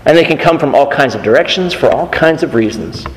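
A man's voice: on the high side, expressive, a little fast, slight background noise. A man preaching a sermon, earnest, who repeats his key phrases for emphasis. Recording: long reverb of a church hall.

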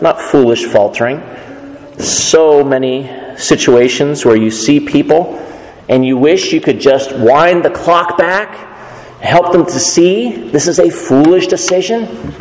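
A man's voice: mid-range voice, a little mellow. Man preaching in an echoey hall. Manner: conversational, emphatic. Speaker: pastor. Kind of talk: sermon.

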